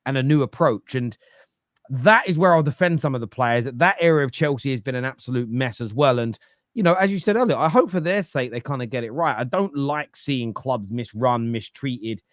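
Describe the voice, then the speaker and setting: This football podcast panelist, a fan of his club, is opinionated as he reads viewer comments aloud and pushes back on them. He speaks at a medium pitch, and the recording is dry and studio quality.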